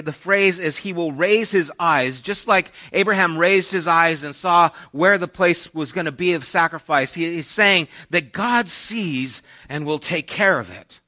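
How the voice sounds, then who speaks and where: Bright-voiced man preaching a sermon. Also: fairly high pitch. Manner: conversational preaching, acting out quoted voices. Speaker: pastor. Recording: dull lo-fi sermon audio.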